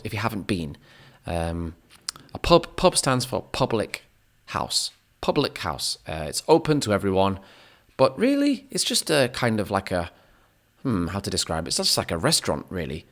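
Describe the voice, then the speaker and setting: A man talks casually to his viewers like a relaxed teacher. His voice sits low and deep, and he rambles, corrects himself mid-thought and slips in dry little jokes. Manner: rambling, self-correcting, joking asides to the viewer. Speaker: English teacher. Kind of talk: casual chat.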